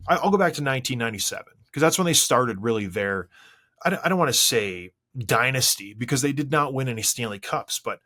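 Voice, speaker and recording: A man's voice: animated, brisk, sharp tone. A man in his forties hosting a casual solo podcast, talking in a rambling, conversational way with restarts. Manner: rambling and conversational, with frequent restarts and swings of pitch. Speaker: podcast host.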